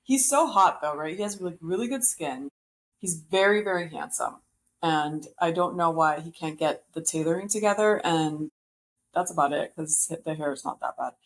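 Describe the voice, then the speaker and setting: Lady podcast host gossiping about reality tv, kinda low voice, laughs a lot. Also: normal speed, slight background noise. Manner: chatty, gossipy, laughs often. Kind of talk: casual chat about reality TV.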